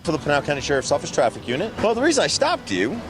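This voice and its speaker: Playful deputy with an animated voice. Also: male voice, a little high, rapid-fire, noisy background. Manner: playful, hamming up a pirate bit. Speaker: sheriff's deputy. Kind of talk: on-duty video talk to a driver.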